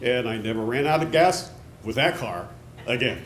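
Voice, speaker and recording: A man with a mid-pitched voice tells a live story in a relaxed, plain way. His words carry fillers and small restarts. The stage mic sits in an echoey pub room. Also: moderate pace, slight background noise.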